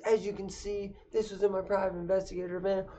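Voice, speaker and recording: A man voicing a gloating middle-aged ex-cop private investigator father who shouts taunts, in a comedy story. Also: high-pitched, very slow, pitched above the performer's own voice. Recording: dull lo-fi recording.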